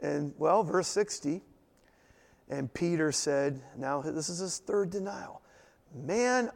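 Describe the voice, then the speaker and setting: A man leading a Bible study in a lively, conversational way, asking his listeners questions as he goes through the text. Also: a little high, slow, vocal fry, big-room sound. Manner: animated, conversational, asks the group questions. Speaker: Bible teacher.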